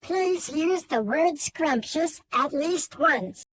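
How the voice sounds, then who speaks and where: A text-to-speech voice reading out a viewer's chat message on a stream, in a slow synthetic delivery. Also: sits high, lively intonation, fairly bright tone.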